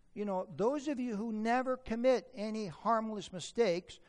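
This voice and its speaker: A man's voice: high voice, a little mellow. A man preaching a sermon to an audience, humorous and asking them questions. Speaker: preacher teaching on parenting. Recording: echoey hall reverb.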